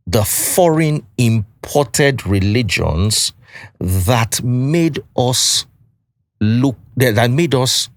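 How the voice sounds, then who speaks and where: A man hosting a podcast interview, building long questions in a measured way. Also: on the low side, gravelly, no echo. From Nigeria. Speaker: podcast host.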